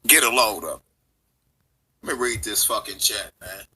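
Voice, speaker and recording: Heated husky-voiced man ranting on stream. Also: fairly low pitch, unhurried, pushed and bright, low-quality recording. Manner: heated, profane, confrontational. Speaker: livestreamer. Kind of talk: livestream rant.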